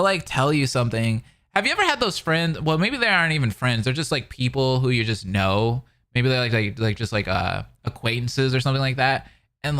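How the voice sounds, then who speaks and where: A young man on a stream, reacting to a fan dub, reads a novel aloud in between rambling, casual chat with viewers that's heavy on fillers. His voice is mid-range with a sharp tone.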